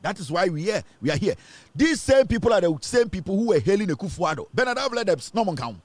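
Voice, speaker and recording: Ghanaian guy ranting on politics, mocking, mixes english and twi, highish voice. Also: big pitch swings, quick pace, dry recording. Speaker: host of political commentary show. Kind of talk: heated political commentary.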